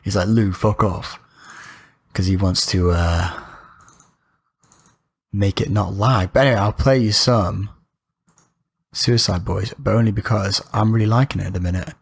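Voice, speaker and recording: A man's voice: on the low side, moderate pace, gravelly, pauses often, breathy edge. A young man, co-hosting a podcast in casual chat, brash and laughing at his own stories, heard over a remote call. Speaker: podcast co-host.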